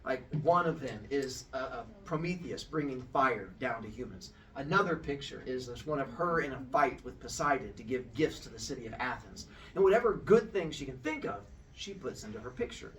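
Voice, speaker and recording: A man telling a story in a casual, animated way, acting out voices and sounds. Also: mid-range voice, brisk, hardly any pauses, distant mic.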